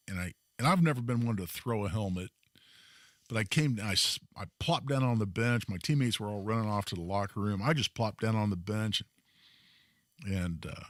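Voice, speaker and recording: A man hosting a talk radio show, telling a story in an emphatic, animated way. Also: lowish voice, dry recording. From Indiana, US. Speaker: radio host.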